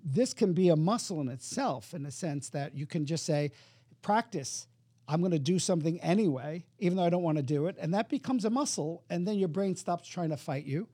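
Brief: male guest with a fairly high, mellow voice, explaining, close and dry. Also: expressive, brisk, breathy edge, no room sound. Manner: explanatory, acts out voices in anecdotes. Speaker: hypnotherapist guest. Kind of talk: interview conversation.

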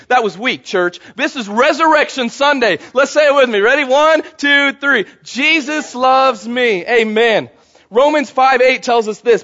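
A man's voice: very high voice, fairly bright tone, lo-fi sound. A man preaching a sermon to a congregation, talking conversationally and calling for responses from the room. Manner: conversational, calls for audience response. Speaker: pastor. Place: church service before a congregation.

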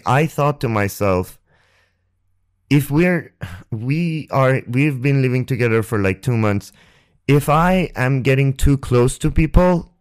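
A young man hosting a podcast, telling a personal story on a close microphone in a halting, rambling way, with restarts and swearing. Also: mid-range voice, clear, resonant tone. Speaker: podcast host. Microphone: close ASMR microphone.

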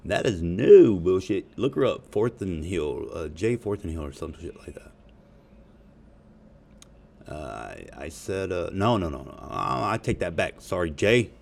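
A man's voice: deep voice, big pitch swings, unhurried, gravelly, a little mellow, slight background noise. A man rambling profanely and jokingly in a casual monologue to his audience. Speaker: vlogger.

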